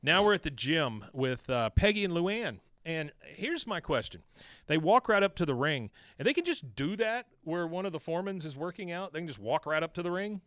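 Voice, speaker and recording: Podcast guy retelling a cartoon ep, really lively up and down voice, dry close mic. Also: a little high, brisk, no echo. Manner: animated storyteller, acts out lines. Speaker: podcast host. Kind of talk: casual chat recapping a cartoon episode.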